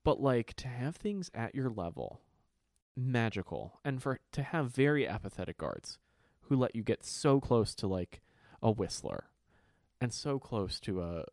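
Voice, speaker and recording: A man co-hosting a casual podcast chat, profane and animated, slipping into quoted voices. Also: mid-range voice, unhurried, no room sound, clean studio sound. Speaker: podcast co-host.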